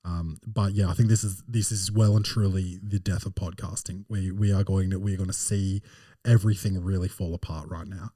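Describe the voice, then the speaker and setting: Deep, dark-toned comedy podcast host, rambling profane rants, dry close sound. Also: male voice, steady tone, fairly quick, dry recording, far from the mic. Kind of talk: casual podcast chat and movie review.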